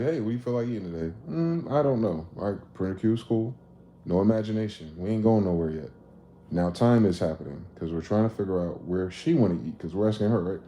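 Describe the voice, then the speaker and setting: Casting: man, low, mellow voice, loose profane livestream rant in an echoey room. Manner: animated, profane, acts out both sides of conversations. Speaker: livestream host. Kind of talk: casual livestream monologue. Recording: echoey room with faint ambient noise.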